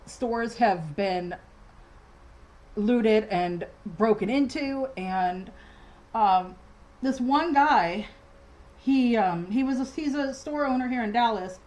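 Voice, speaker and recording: A woman's voice: a little high, darkish tone, low-quality recording. Agitated woman ranting at home. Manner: agitated, rambling with many restarts and fillers. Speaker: vlogger. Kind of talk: casual ranting vlog. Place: home dining room.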